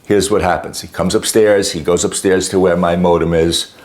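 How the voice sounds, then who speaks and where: Deep-voiced man venting to camera. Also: normal speed. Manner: exasperated, animated retelling with acted quotes. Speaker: homeowner telling a customer-service story. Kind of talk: casual to-camera storytelling.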